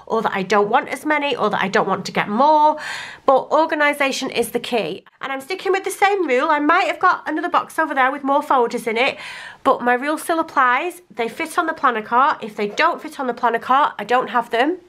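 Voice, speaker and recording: A woman's voice: high-pitched, brisk, fairly bright tone. A young woman chatting casually to camera while she sorts her sticker collection and thinks aloud. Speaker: planner sticker vlogger.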